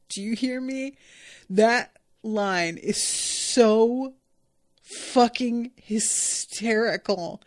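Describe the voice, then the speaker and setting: A woman's voice: on the high side, very slow. Giggly young woman podcast host. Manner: giggly, animated storytelling with frequent laughter. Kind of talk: casual episode recap.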